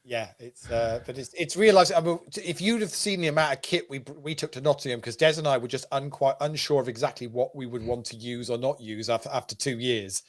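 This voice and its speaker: A man's voice: mid-range voice, brisk, hardly any pauses. A man from the UK hosting a poker show, chatting casually and calling the action, with lots of fillers and restarts. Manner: rambling, many fillers and restarts. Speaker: host. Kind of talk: casual chat and poker commentary.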